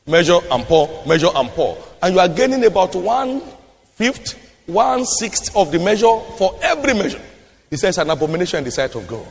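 A man preaching a sermon, repeating his lines emphatically and building to shouted declarations. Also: high voice. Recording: reverberant hall.

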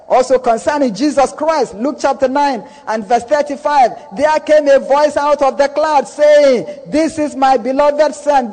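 A man's voice: very high-pitched, a little mellow, low-quality recording. A man preaching a sermon, emphatic and repeating key phrases for effect.

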